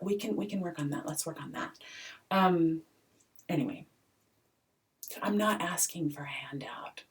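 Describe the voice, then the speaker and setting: A woman in a rambling personal monologue, swinging between hushed whispers and loud outbursts, swearing and repeating herself. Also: low-pitched, recorded from a distance. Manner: swears freely.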